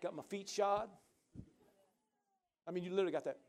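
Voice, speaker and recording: A man with a high voice delivering a sermon to his congregation. He leans hard into emphatic, building phrases and pulls the room in with call-and-response. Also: brisk. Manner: emphatic, builds to shouted exclamations. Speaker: preacher.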